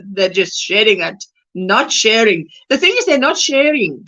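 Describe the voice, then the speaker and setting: A woman's voice: mid-range voice, lively intonation, a little slow, fairly bright tone, poor audio. A South African woman hosting a crochet livestream, chatting casually and reading out and greeting viewers' comments by name.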